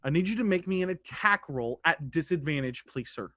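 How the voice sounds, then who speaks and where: A man running a streamed tabletop game as dungeon master, animated, laughing and swearing freely. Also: a little high, a little fast, no room sound, clean studio sound.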